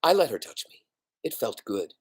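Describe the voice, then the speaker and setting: A man voicing a small, gentle young mouse who answers softly and earnestly. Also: medium pitch, very animated, moderate pace, husky. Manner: soft, earnest, timid answers.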